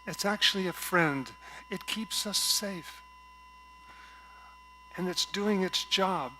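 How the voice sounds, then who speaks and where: A man preaching a gentle, reflective sermon from a stage at a spiritual center, telling a story and often dropping to a soft voice. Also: sits high, slow pace, slight background noise, rough recording. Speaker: guest speaker at a spiritual center.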